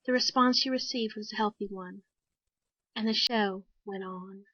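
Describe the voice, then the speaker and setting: A woman narrating a short story in a measured, even storytelling manner. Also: medium pitch, no room sound. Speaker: story reader. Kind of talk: scripted narration. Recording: dry, dull lo-fi sound.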